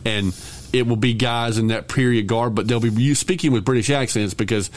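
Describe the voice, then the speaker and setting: Joking, profane podcast guy. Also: mid-range voice. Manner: profane, joking, quick to laugh. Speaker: podcast co-host. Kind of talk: casual movie review chat.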